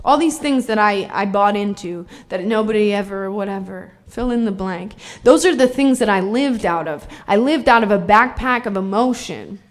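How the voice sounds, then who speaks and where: A woman telling her own recovery story in a blunt, darkly funny way, swearing freely. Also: medium pitch. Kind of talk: candid personal testimony.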